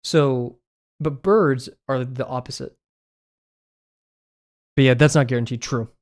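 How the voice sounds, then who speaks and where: A man's voice: medium pitch, steady tone, measured pace. A young man streaming as he draws, chatting casually in a rambling, amused way and often correcting himself. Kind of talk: casual chat while drawing on stream.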